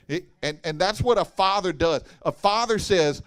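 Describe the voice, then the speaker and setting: A man with a drawl preaches to a church congregation in a fairly high voice. His delivery is folksy and animated, full of jokes and direct questions to the crowd. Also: normal speed, smooth. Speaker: pastor. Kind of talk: sermon. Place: church hall.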